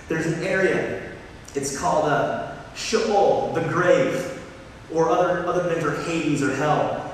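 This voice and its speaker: A man preaching a sermon, animated and building to impassioned peaks. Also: fairly high pitch, takes it slowly. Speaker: pastor. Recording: echoey hall from far off, faint noise.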